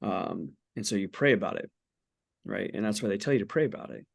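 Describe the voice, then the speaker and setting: A man's voice: fairly low pitch, animated, brisk, gravelly. A man in his forties, a podcast guest, talking candidly about faith in an earnest, blunt way with casual swearing. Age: 40s.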